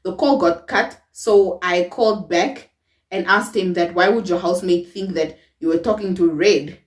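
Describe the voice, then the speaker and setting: A young woman telling a personal story to her viewers in a casual, expressive way, laughing often. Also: on the low side, moderate pace, recorded from a distance. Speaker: storytime vlogger. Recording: roomy echo, away from the mic.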